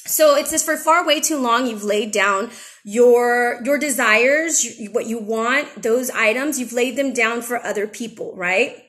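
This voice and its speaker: A young adult woman chatting casually and warmly-frank as she gives a spiritual tarot reading, a little emotional at times. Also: a little high, a little slow. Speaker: tarot reader and channel host.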